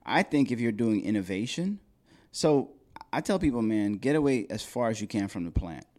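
A man's voice: fairly low pitch, expressive, normal speed, a little mellow. A man talking as a podcast guest and consultant. He is casual and profane, and he acts out other people's voices when he quotes them. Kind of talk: casual conversation.

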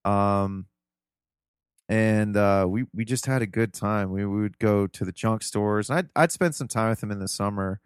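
Guy from ohio on a podcast, smooth clean voice, dry close sound, rambly and earnest. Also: fairly low pitch, normal speed, dry recording. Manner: earnest, reminiscing, loose and rambling. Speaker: podcast guest. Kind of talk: casual interview storytelling.

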